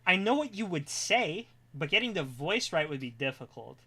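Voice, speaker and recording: A streamer chatting casually on a live stream, excitable and rambling, drifting into quiet mumbling while setting things up. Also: mid-range voice, normal speed, slightly rough.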